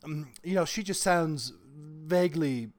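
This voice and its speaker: A man in his forties, an author talking as a guest in a casual interview, animated and quick to laugh. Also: on the high side. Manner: animated storyteller, bursts of laughter.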